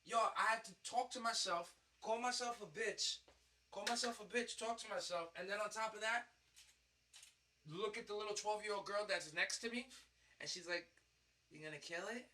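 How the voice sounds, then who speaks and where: Brash, bright-voiced New man. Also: sits high, moderate pace, a little hiss or hum. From Puerto Rican, raised in New York. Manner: animated, slangy storytelling with swearing. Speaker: podcast host. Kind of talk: casual podcast chat.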